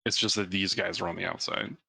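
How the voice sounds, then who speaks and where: Gravelly bright-toned man, casual gamer. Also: low-pitched, flat delivery, fast talker, no echo. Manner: casual, a bit unsure about rules. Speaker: player. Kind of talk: casual tabletop game chat.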